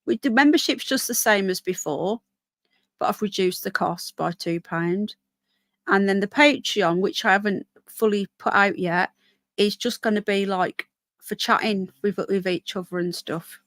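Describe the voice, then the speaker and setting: A hoarse woman live-streaming outdoors in a small town, chatting with viewers and reading news aloud. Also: mid-range voice, a little slow, fairly bright tone, dry recording. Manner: chatty, reads out viewer comments and news text. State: hoarse, voice keeps going. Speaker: livestreamer.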